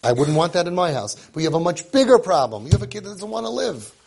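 A man's voice: high-pitched, big pitch swings, fast, creaky, darkish tone, husky. A man coaching parents in an informal lecture, emphatic and repetitive, who drops Hebrew and Yiddish terms into his talk. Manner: acts out parents and kids in quotes.

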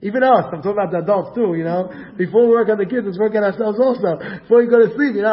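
High-voiced guy doing an animated religious talk, acts out little family scenes, kinda muffled lo-fi sound. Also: rapid-fire, few pauses, slight background noise. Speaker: Torah lecturer giving parenting advice.

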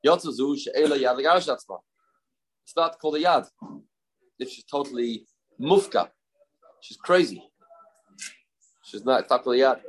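A man's voice: mid-range voice, normal speed, pauses often, slightly rough, low-quality recording. A man teaching a daily Talmud class, mixing English with Hebrew and Aramaic terms and asking rhetorical questions.

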